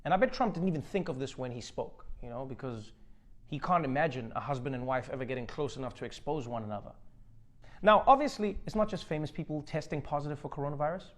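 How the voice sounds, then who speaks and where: A man's voice: medium pitch, fast. A man hosting a comedic news monologue, delivering jokes with sarcasm. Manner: joking, sarcastic delivery with acted-out bits. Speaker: comedy host.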